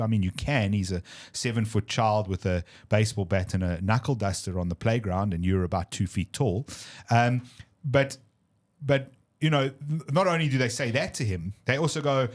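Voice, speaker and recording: Animated man co-hosting. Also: medium pitch, moderate pace. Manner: animated, emphatic storyteller, often repeating words. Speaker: podcast co-host. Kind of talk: casual political discussion.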